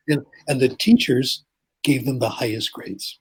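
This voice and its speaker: Speaking in an interview, the older man, a professor of linguistics, explains his thinking and offers anecdotes, with frequent quick "okay?" check-ins. His pitch is medium and his voice slightly rough.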